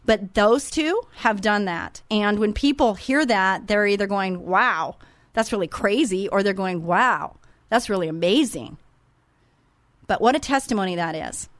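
A woman's voice: mid-range voice, measured pace, no room sound. A middle-aged woman hosting a faith-based radio talk show, speaking in a heartfelt, sentimental way. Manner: heartfelt, sentimental, openly emotional.

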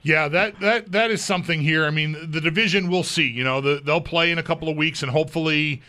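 A man's voice: fairly high pitch, fast talker, bright, forceful tone. A man co-hosting sports radio talk, rambling a bit with fillers and chuckles.

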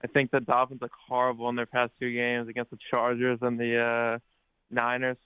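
A man calling in to a sports radio show, halting, with fillers and stammers. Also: medium pitch, completely flat delivery, clear, resonant tone, no room sound. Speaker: caller. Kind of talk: phone-in call. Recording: tinny phone line.

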